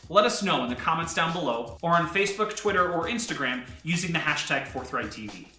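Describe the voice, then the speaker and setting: Lively, playful male vlog host. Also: a little high, brisk, faint music behind. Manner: playful, self-mocking, earnest. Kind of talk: comedic devotional vlog. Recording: echoey room.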